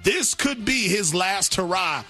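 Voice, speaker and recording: A man previewing football games as a sports analyst, with a showy sales-pitch delivery and lots of flavor. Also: animated, slow, sharp tone, soft background music. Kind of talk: hyped game preview segment.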